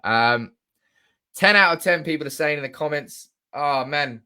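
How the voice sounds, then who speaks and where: A young man hosting a live stream, animated and swearing freely while reading out comments from the chat. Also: fairly high pitch, a little slow, clear, resonant tone.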